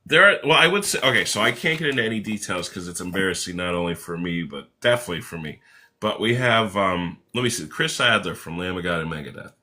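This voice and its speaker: A man with a very low but sharp, bright voice, talking casually as a guest. He tells long stories that wander and restart, quoting himself and others, and swears now and then. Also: fast. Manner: rambling, animated anecdotes with self-corrections and swearing. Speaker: author and musician guest. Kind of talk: casual storytelling in an interview.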